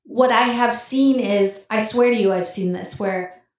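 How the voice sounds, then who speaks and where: A woman's voice: a little high, a little slow. A woman co-hosting a casual chat, telling stories animatedly and acting out her relatives. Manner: animated storytelling, acts out quoted relatives. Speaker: co-host. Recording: echoey room, mic at a distance.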